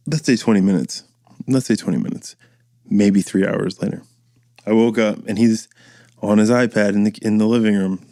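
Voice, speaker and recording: A man's voice: on the low side, warm tone, dry recording, clean studio sound. A man in his thirties, a podcast host, chatting in a casual, rambling and profane way and acting out voices he quotes. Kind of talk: casual chat.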